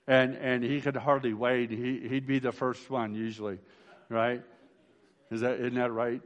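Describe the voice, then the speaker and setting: A male pastor preaches at a memorial service in a church, mixing scripture with homely stories. His voice sits at an ordinary middle pitch, and he talks in a loose, folksy way, repeating words and checking in with "right?". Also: flat delivery, unhurried. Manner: folksy storytelling with frequent restarts and "right?". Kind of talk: funeral sermon.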